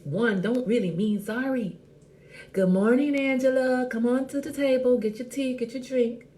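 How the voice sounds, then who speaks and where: A woman hosting a casual live chat show, talking in a sassy, animated and blunt way and greeting viewers by name. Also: mid-range voice. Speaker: host.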